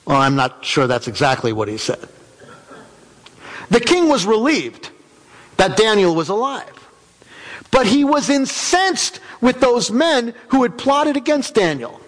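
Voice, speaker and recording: A man's voice: high voice, very animated, measured pace, pauses often, a bit bright. A man preaching in character as a biblical figure, telling the story dramatically and emphatically in a church sanctuary. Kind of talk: first-person character sermon. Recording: reverberant hall.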